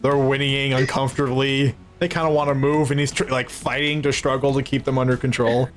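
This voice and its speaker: A man narrating as game master of a tabletop game, relaxed, with frequent stammered restarts. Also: medium pitch, a little fast, faint music behind. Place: home streaming setup.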